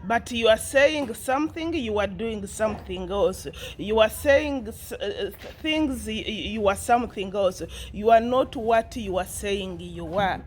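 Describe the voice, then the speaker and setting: A woman's voice: medium pitch, animated, unhurried, few pauses, darkish tone, a little hiss or hum. A woman vlogging casually, rambling and repeating herself, with a teasing, mocking tone. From Uganda. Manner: rambling and repetitive, with many restarts. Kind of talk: casual commentary to camera.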